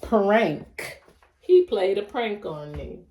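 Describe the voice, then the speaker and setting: A woman teaches a phonics lesson, sounding out each chunk of a word with deliberate emphasis. She speaks very slowly, and her voice sits a little away from the microphone, with the echo of the room around it. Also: medium pitch, lively intonation, a little mellow. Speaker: reading teacher. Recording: echoey room, voice a bit far from the mic.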